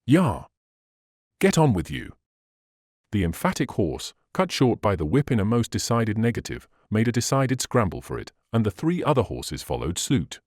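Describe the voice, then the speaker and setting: A man narrating a classic novel as an audiobook, in a measured, expressive reading. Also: fairly low pitch, dry recording, studio quality.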